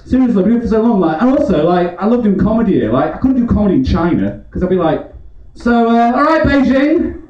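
A drunk Englishman rambles through a stand-up set in a comedy club, swearing constantly and laughing as he goes. He speaks very fast with few pauses, in a high, dark-toned voice with big pitch swings. The mic is far away in a roomy, dull-sounding club, with audience laughter behind him.

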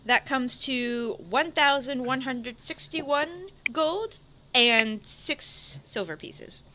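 A woman game master with a bright, ringing voice, pitched a little high. She runs a tabletop session in an easygoing way and works through the numbers with care. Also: slow, slight background noise. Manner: easygoing, reads prices out carefully.

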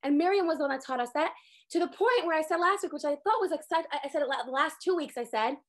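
A woman teaching a casual online Torah class, telling the story with lively acted-out lines and many "like" fillers, over a video call. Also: high voice, fast talker.

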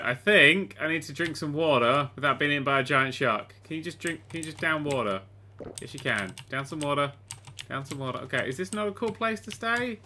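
A young man commentating a survival game, excitable and sweary, often shouting at the creatures he fights. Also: on the high side. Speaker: gaming host. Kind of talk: let's play commentary.

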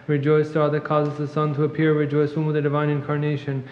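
A man reading a long liturgical hymn in rapid chant at a monastery service, clearing his throat now and then. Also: fairly high pitch. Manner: fast monotone recitation, clears throat at times. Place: church. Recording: echoey church, long reverb, muffled.

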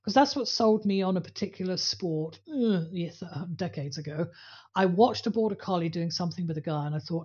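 A woman's voice: on the low side, brisk, a little mellow, slightly rough, muffled recording. A woman co-hosting a podcast about dog training, talking casually and telling anecdotes with acted-out voices. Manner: storytelling, acts out voices in anecdotes.

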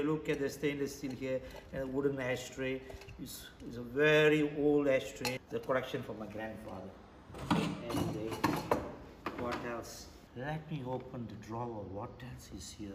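A man's voice: medium pitch, moderate pace. A man, hosting a comic show-and-tell vlog at home, full of mock amazement. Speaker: vlogger host. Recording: echoey room with background noise.

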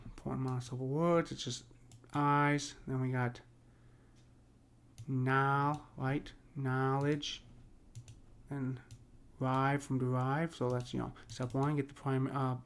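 A man teaching a poetry lesson in a casual, step-by-step way, often checking in with "right?" and slowing down to read verse lines. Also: mid-range voice, clean tone. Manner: talks through steps with frequent "right?" and fillers; reads verse lines slowly and deliberately.

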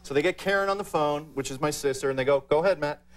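Deadpan male comic guest, slightly high voice, filler-laden talk-show storytelling. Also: quick pace. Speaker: comedian guest. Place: TV studio.

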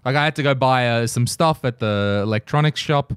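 A man hosting a podcast, chatting casually with quick jokes and frequent laughter. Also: mid-range voice, smooth, no room sound, studio quality. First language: not Estonian. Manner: quick, joking, laughs often. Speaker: podcast host.

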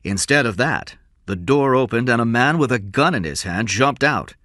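A man narrating a story in a clear, measured storytelling manner, recorded close to the mic. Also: medium pitch, expressive, sharp tone, no echo. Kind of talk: scripted audiobook narration.

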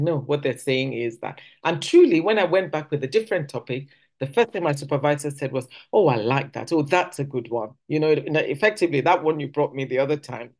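Lively woman teaching at church. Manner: lively, acts out quoted phrases with big pitch jumps. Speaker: church speaker.

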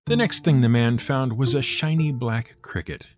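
A man narrating folktales in a wry, expressive storytelling manner. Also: medium pitch, moderate pace. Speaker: storyteller host. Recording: guitar music playing beneath. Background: guitar music.

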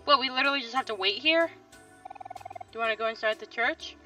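A woman's voice: fairly high pitch, brisk, sharp tone, soft background music. A young woman giving casual, wry commentary while playing a video game, thinking aloud. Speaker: let's play host. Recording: slightly distant, dull lo-fi mic.

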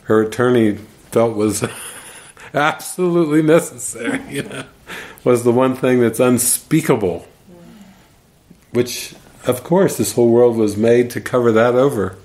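A man giving casual spiritual commentary, telling stories in an animated way and laughing as he goes. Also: mid-range voice, a little slow. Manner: animated storyteller, laughs while retelling. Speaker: spiritual teacher.

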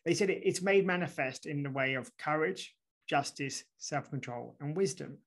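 Man, author guest, conversational, animated explainer, frequent restarts, asks "right?" often, mid-pitched voice. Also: normal speed. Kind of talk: conversational interview.

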